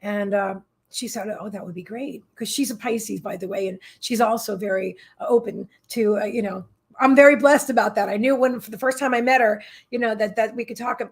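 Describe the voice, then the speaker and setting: A woman's voice: medium pitch, a little fast, husky. A middle-aged woman hosting a psychic livestream, telling a personal story in a rambling, emotional way with many restarts and asides to viewers. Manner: talks to viewers in chat.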